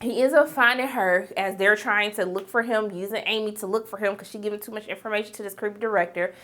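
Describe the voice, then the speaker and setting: A woman's voice: medium pitch, steady tone, quick pace, bright, forceful tone. A woman giving a casual, chatty recap of a TV episode, calling her viewers "y'all" and acting out the characters' lines. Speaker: TV episode reviewer.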